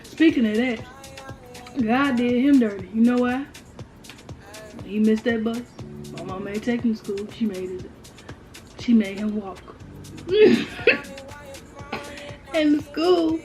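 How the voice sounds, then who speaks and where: Over a meal, a young vlogger shares a slangy, animated storytime in a slightly high voice, speaking slowly with frequent pauses. She emphasizes lines by repeating them, and faint music sits in the background.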